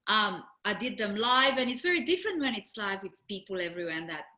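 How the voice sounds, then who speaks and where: A middle-aged woman co-hosting a casual chat, telling a lively story, laughing often and acting out what people said. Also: mid-range voice, fast talker, reverberant. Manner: animated storyteller, laughs often, acts out quotes. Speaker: co-host.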